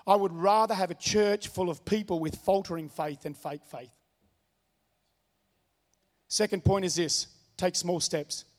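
A man's voice: high-pitched, a little mellow, long reverb tail. A man preaching a sermon, telling a personal story in an earnest way and repeating his key phrases. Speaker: pastor.

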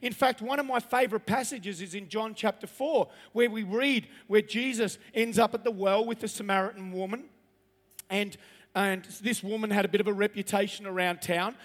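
High-voiced preacher in a big hall. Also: male voice, steady tone, moderate pace. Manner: chatty and humorous, asks the audience questions. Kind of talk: conversational sermon. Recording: long reverb of a large hall.

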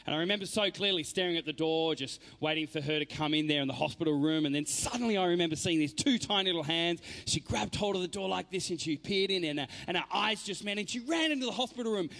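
A man as a motivational speaker giving an inspirational faith talk, telling his story dramatically and swinging from hushed lines to loud ones. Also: sits high, fast, vocal fry, few pauses.

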